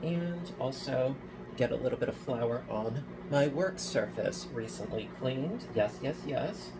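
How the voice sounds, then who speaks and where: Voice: mid-range voice, lively intonation, a little slow, noisy background. A home baker chatting casually in a kitchen while demonstrating a recipe, playful and full of jokey asides. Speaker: home baking vlogger.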